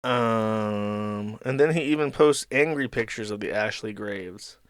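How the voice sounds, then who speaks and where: A man's voice: on the low side, measured pace, clean tone, dry recording, studio quality. A man hosting a live stream, reading out messages and cutting in with crude, sarcastic asides. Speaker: streamer host.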